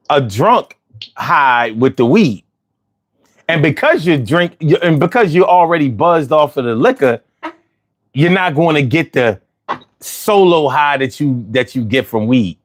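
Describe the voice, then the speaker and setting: A man hosting a casual chat, telling stories with lots of swearing and putting on high voices when he quotes himself. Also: unhurried. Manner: animated storyteller, swears freely, jumps into high voices for quotes. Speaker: host.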